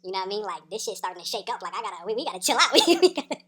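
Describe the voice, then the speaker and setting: A woman's voice: mid-range voice, sing-song, very fast, a bit bright, slightly rough. A woman telling a wild personal story in a casual, profane, slangy way, tagging her sentences with "right?" and laughing between beats. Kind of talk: casual story time monologue.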